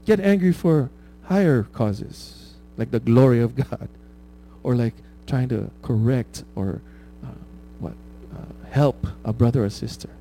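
A man's voice: medium pitch, unhurried, dark tone, slight background noise. A man preaching a conversational sermon, often asking "right?" and laughing at his own stories.

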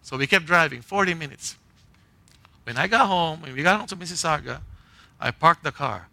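A man's voice: a little high, moderate pace, gravelly, bright, forceful tone, dry recording. A man preaching a conversational sermon, telling a personal story in short punchy phrases and often checking in with "right?" and "okay?". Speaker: pastor.

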